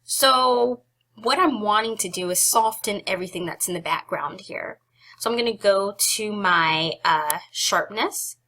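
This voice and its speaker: Bright-voiced woman giving a chatty tutorial. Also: medium pitch, measured pace. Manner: chatty, giggly, self-deprecating asides. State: slightly out of breath. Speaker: photography tutorial host. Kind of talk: casual screen-recorded software tutorial.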